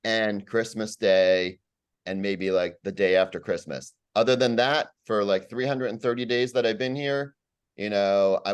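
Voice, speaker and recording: Fairly low-pitched, this man airs his grievances during a community meeting's public comment, rambling along with lots of filler and words said over and over.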